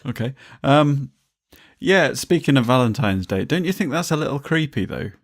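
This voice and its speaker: A man's voice: mid-range voice, lively intonation, moderate pace. A man co-hosting a casual podcast, teasing his co-host, laughing often and rambling through anecdotes. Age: adult, grew up before the internet. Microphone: studio mic on a desk.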